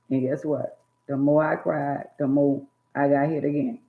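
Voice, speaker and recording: A woman with a gravelly, fry-laden voice tells stories in casual chat. Her speech carries a lilt. She jumps into loud, shrill bursts when she imitates angry parents. The sound is thin and phone-like. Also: a little slow. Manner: animated, acts out scolding parents in loud bursts. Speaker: storyteller recalling childhood.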